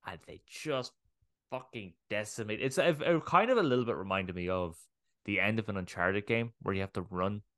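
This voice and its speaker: A man with a lowish voice, talking in a lively, casual way on a podcast. He swears freely and breaks into laughter often. The sound is close and dry. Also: moderate pace, dry recording. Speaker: podcast co-host. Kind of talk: casual chat.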